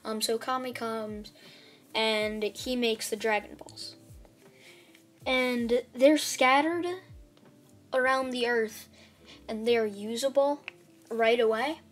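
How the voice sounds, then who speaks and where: A woman's voice: a little high, fairly even intonation, slow pace, long pauses. Rambling woman retelling a fan story. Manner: rambling, many fillers and restarts. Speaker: channel host. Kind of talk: casual fan-fiction storytelling.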